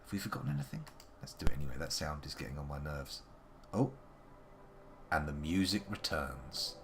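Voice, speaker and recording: A man's voice: a bass voice, brisk, fairly bright tone, slight background noise. A man giving playful, wordy live commentary on a game he is playing, making theatrical asides to his chat. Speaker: live-streaming game player.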